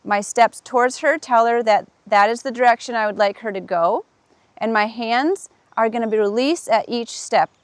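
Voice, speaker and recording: A woman with a fairly high voice gives calm, step-by-step horse training instruction. Her explanations are patient and clear. The sound is dry and close, with little room around it. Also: moderate pace, dry recording. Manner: calm and explanatory, with warm bursts of praise.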